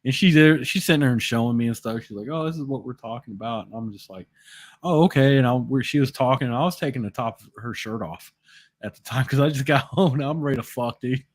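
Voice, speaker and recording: A man's voice: medium pitch, fast. Middle-aged guy cussing a lot telling a story, trips over his words. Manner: profane, storytelling with lots of cursing; restarts and repeats words. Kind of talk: casual chat.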